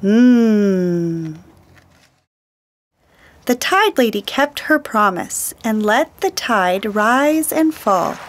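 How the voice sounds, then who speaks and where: A woman storyteller reading a children's picture book aloud, slow, gentle and deliberate. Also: on the high side, lively intonation.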